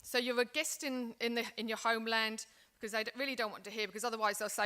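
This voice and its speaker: Bright-voiced woman giving a seminar. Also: fairly high pitch, fairly even intonation, quick pace, hardly any pauses, clean tone. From England. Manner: earnest, reflective, with frequent restarts. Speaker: seminar presenter. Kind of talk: seminar talk.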